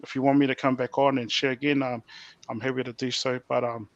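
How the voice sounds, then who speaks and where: A young man with a New Zealand accent, a podcast guest sharing his testimony in a soft, halting way with many fillers. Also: medium pitch, little pitch movement, dry recording, muffled recording. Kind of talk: personal testimony.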